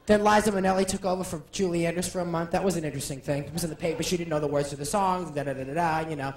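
A man doing stand-up comedy in a live venue, camp and animated with rapid asides. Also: a little high. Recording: echoey live room with audience.

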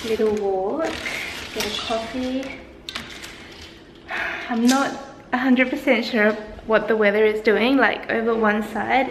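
A woman's voice: medium pitch, gravelly, roomy sound, slight background noise, poor audio. A woman vlogger from Australia chatting casually to a handheld camera, giggly and self-mocking. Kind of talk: casual vlog chat. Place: at home and walking outdoors on a street.

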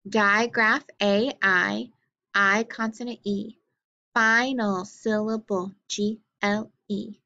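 Slow, patient woman teaching phonics. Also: mid-range voice, a bit bright. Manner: slow, patient, drawn-out letter naming. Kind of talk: phonics lesson. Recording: dull lo-fi recording.

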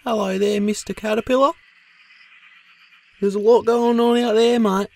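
A man's voice: high-pitched, steady tone, moderate pace, gravelly. A man voicing a laid-back male sasquatch in a cartoon, with an Australian accent, drawling and swearing a lot. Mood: chill. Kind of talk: cartoon voice acting.

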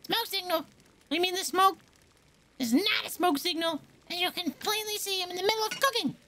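A woman voicing a fussy, proud young woman cook in a video game, reading her lines aloud in a high, chirpy, indignant voice. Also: a little fast, bright, forceful tone, slight background noise, exaggerated voice.

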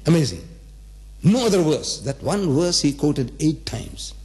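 A man's voice: a little high, big pitch swings, measured pace, warm tone. A man in his seventies giving a public religious lecture, emphatic and repetitive, asking the audience rhetorical questions. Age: 70s.

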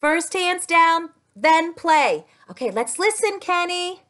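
A woman speech-language pathologist leading a playful children's lesson in an animated, sing-song, exclamatory way. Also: extremely high pitch, takes it slowly, few pauses.

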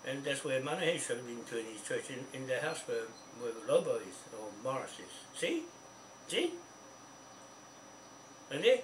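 A man's voice: mid-range voice, big pitch swings, normal speed, long pauses, recorded from a distance. A New Zealand man holds forth in a rambling, insistent way, stumbling over restarts and repeating himself. He speaks from some way off the mic, and the recording sounds echoey with a faint hiss behind him. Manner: insistent, keeps asking "see?". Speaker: speaker on a phone call. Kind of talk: rambling phone chat.

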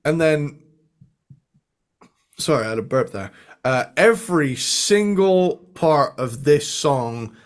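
A man's voice: fairly high pitch, expressive, slow pace, long pauses. A man co-hosting a podcast, chatting casually and with enthusiasm, humming guitar riffs and swearing freely. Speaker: podcast co-host. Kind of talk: casual chat.

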